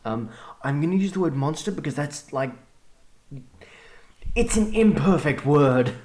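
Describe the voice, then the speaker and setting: A man's voice: a little high, animated, unhurried, a little mellow. A man hosting a casual panel discussion, self-deprecating and apologetic.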